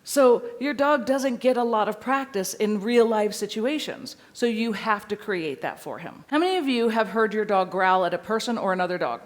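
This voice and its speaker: A woman dog trainer speaks to a seminar audience. Her voice sits at a middle pitch, and she teaches in a lively, playful way. Now and then she acts out what a dog would say. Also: normal speed, hardly any pauses.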